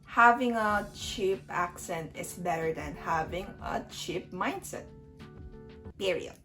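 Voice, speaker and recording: A woman's voice: on the high side, a bit bright. A young woman, a native Korean speaker with a Filipino English accent, talking frankly to camera as a vlogger. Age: young adult. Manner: frank and upbeat, with blunt punchlines. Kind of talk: candid talk to camera.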